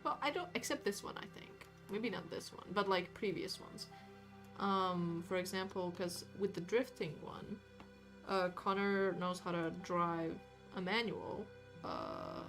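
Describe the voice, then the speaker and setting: A woman art streamer chatting casually while she paints, rambling with lots of fillers and hedges. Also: mid-range voice. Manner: rambling, hedging, many fillers and restarts. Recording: music playing behind.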